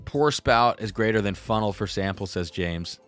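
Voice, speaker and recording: A man's voice: on the low side, normal speed, a bit bright, soft background music. A young man hosting a casual live stream, chatty and reading viewer comments aloud. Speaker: livestream host.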